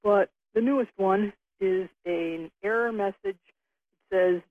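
A woman's voice: mid-range voice, takes it slowly, no echo. A woman caller from northern New York State, a little hesitant, describes a computer problem. Her voice comes through a tinny phone line with a dry sound. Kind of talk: phone-in question.

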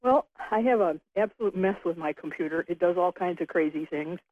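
A woman's voice: lowish voice, fairly quick, dry recording. Hesitant woman caller on a tinny phone line. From northern New York State. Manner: hesitant, explains her problem. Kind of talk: phone-in question.

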